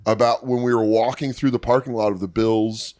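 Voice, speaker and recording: A man's voice: mid-range voice, level tone, a little mellow, dry recording. Rowdy man telling podcast stories. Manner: rowdy, profane storytelling with quick laughs. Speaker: podcast co-host. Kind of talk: casual chat.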